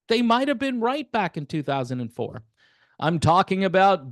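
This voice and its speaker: A man hosts a casual political commentary monologue, sarcastic and wry, chuckling as he talks straight to his viewers. His voice is on the high side and a bit bright, with lively intonation and a moderate pace. The studio sound is clean, with no echo.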